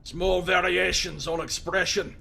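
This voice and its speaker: Gruff growling cyborg scavenger, pitched up and loud, as a male streamer voices him for a game. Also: little pitch movement, a little slow, a little hiss or hum, full character voice.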